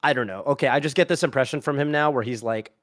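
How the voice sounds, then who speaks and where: A man's voice: mid-range voice, fast, no echo, clean studio sound. A man on a panel talk show, rambling and hesitant as he thinks aloud. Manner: rambling, hesitant, many fillers and restarts. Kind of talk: casual panel chat.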